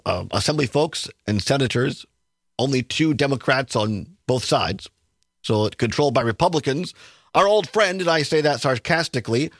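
A man's voice: fairly high pitch, fairly bright tone, no echo. A man hosting a political talk radio show from a studio, chatty, sarcastic and opinionated. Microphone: studio microphone.

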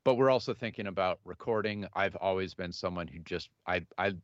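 Talking loosely about his music in an interview, a man in his thirties speaks in a very low voice and keeps stumbling over fillers and restarts. He is a musician appearing as a guest. The recording is dull and dry, with nothing of the room around it.

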